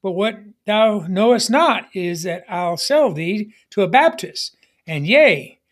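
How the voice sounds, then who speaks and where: An exasperated Quaker farmer scolding his cow in old-fashioned thee-and-thou speech, as a preacher puts him on in a sermon joke. The voice rises and falls between soft and loud. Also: mid-range voice, expressive, slow. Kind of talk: joke told within a sermon.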